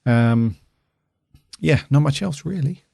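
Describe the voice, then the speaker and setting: A man's voice: medium pitch, expressive, slow pace, vocal fry, a little mellow, breathy edge, no echo, studio quality. A middle-aged man co-hosting a podcast, rambling casually with lots of fillers and restarts. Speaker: podcast co-host. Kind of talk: casual chat.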